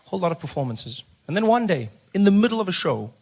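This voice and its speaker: A middle-aged man from South Africa performing a stand-up routine, telling a story in an animated way, acting out other voices and dropping to a soft hush for jokes. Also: sits high, fast, gravelly. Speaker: stand-up comedian. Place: stage.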